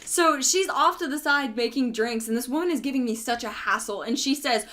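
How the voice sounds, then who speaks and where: A young woman casually telling animated stories, laughing as she acts out customers and coworkers. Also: high-pitched, fairly quick, hardly any pauses. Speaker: storyteller. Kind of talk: casual chat.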